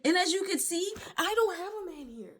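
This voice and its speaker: A high-pitched woman, ranting straight into her phone at home. She talks emphatically and in exasperation, with quick appeals to faith. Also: expressive. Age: late 20s. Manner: frustrated, emphatic ranting with religious asides. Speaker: vlogger. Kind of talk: venting straight to camera. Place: at home, indoors.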